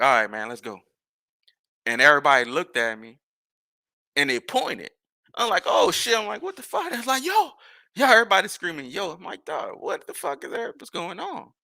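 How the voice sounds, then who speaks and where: A man's voice: fairly high pitch, vocal fry, pushed and bright, no echo. A man, a podcast host telling a rambling, profane story in casual talk. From New Orleans.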